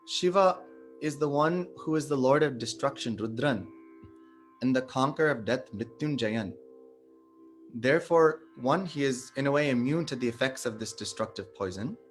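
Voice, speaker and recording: Man telling a sacred story calmly. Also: medium pitch, soft background music. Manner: measured, explanatory, stresses sacred names. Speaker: satsang speaker. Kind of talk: devotional storytelling talk.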